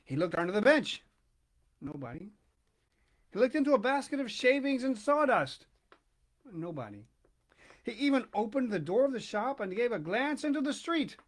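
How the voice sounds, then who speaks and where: A man reading a children's storybook aloud, expressive and dramatic, with hushed pauses. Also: extremely high pitch. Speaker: narrator.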